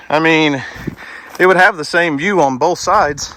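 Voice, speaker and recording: A man's voice: fairly high pitch, measured pace, sharp tone, slight background noise. Breathless man hiking up a hill. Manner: chatty, easily amazed, exclamations like holy moly. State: out of breath from climbing. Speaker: homestead vlogger. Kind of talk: casual outdoor vlog, walking and talking. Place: outdoors on a wooded hilltop.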